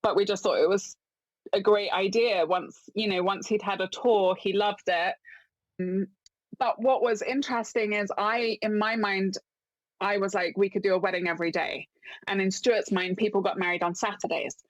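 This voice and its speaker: A woman from London tells a story as a podcast guest, chatty and animated, and she often breaks into laughter. Her voice sits at a middling pitch. The sound is dry and close, with no room echo. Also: normal speed, lo-fi sound. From London, England. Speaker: podcast guest, business owner. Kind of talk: casual interview storytelling.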